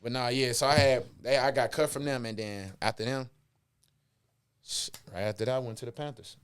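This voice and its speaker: A laid-back Texan and former football player tells stories as a podcast guest, animated and slangy in a casual chat. His medium-pitched voice is clean and a little fast.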